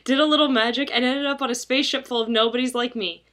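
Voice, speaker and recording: A woman's voice: fairly high pitch, fairly even intonation, fast talker, a bit bright. A woman reading a fan story aloud with a friend, bemused and giggly, often losing track of the plot. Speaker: fanfiction reader and commenter. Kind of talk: casual mocking read-aloud.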